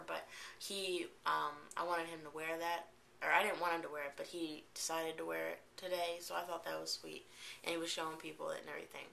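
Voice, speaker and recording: A woman's voice: fairly low pitch, vocal fry, sharp tone, slight background noise. Teen girl venting in a home vlog. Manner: emotional, rambling retelling with quoted dialogue. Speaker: vlogger. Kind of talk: casual vlog storytelling.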